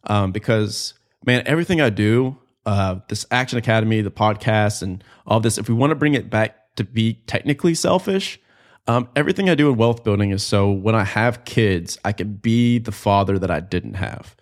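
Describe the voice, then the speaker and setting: A man's voice: on the low side, moderate pace. A man in his late twenties hosting a podcast, talking candidly and earnestly about his life, with casual fillers and swearing, close to tears at times. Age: 20s. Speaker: podcast host. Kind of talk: personal reflective monologue.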